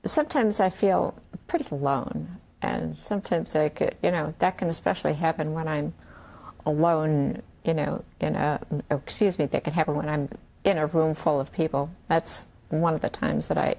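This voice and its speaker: A woman's voice: sits low, creaky, mellow. A woman speaking reflectively and hesitantly about her feelings in an interview. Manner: reflective, hesitant, slow to find words.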